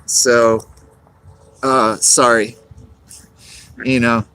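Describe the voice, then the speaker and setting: A man's voice: medium pitch, little pitch movement, drawn-out words, pushed and bright, clear, resonant tone. A man, live-streaming outdoors on a cold, windy day, rambling and greeting chat viewers by name.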